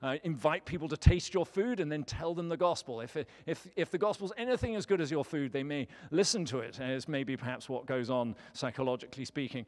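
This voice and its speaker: Preacher in a reverberant church. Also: male voice, on the high side, brisk, few pauses. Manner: storytelling, lightly humorous. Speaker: pastor. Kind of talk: sermon. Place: church sanctuary.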